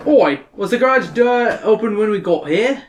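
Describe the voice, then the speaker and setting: A woman voicing a brash young boy with a put-on Australian accent, loud and drawling. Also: medium pitch, animated, normal speed, very noisy, voice pushed up, natural voice.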